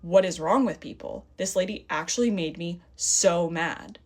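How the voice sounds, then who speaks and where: A woman's voice: fairly low pitch, moderate pace, darkish tone. A young woman telling a story in a casual vlog, heated and indignant, acting out a back-and-forth conversation. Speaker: vlogger.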